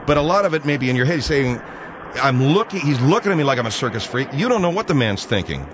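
A man hosting a call-in radio show in a wry, relaxed way, trailing off with fillers. His voice sits at an ordinary pitch. Clear background noise runs under his speech. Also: racing. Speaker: radio talk show host.

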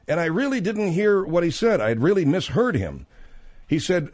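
A man's voice: fairly high pitch, huge pitch swings, normal speed, a little mellow. A man hosting a radio talk show, telling rambling anecdotes with many fillers and restarts.

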